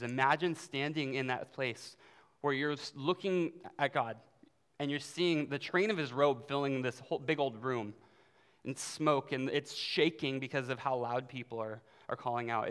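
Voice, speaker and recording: A man's voice: mid-range voice, a bit bright, clean tone. A man preaching a sermon as youth pastor, in a casual, conversational way with fillers. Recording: long hall reverb.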